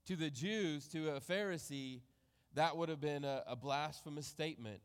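A man preaching a sermon, reading scripture aloud and reflecting on it in a measured way that trails off softly at the ends of phrases. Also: a little high, smooth, in a large hall. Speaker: pastor.

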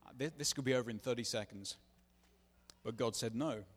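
Preacher giving a testimony, earnest, mid-pitched man, echoing hall. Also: brisk. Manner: earnest, confessional, acts out dialogue. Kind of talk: sermon testimony storytelling. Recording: long reverb of a large hall.

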